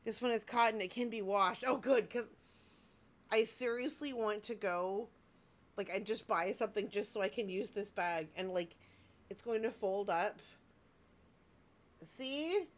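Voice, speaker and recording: A woman's voice: medium pitch, a little slow. A woman in her thirties, a vlogger gushing and rambling in casual chat about handmade gifts she received.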